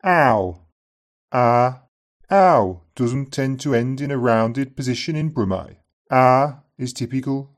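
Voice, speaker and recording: A man teaching an accent lesson in scripted narration, saying each example word slowly and carefully, often twice. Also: mid-range voice, expressive.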